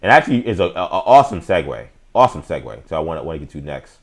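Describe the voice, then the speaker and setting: A man's voice: very deep voice, sing-song, very fast. A man hosting a casual live-stream sports talk show, opinionated and slangy, speaking straight to his chat viewers. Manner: frequent fillers and restarts, slangy.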